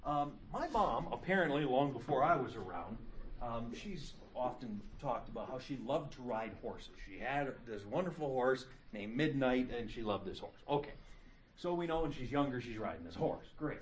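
A man's voice: mid-range voice, lively intonation, moderate pace, a little hiss or hum. A middle-aged man teaching a class, lecturing casually and telling stories with jokes. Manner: casual, joking storyteller.

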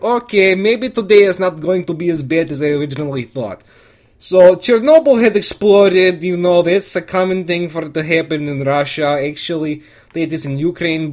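A man's voice: on the high side, darkish tone. A man delivering a comedic first-person monologue, rambling and crude, with lots of restarts.

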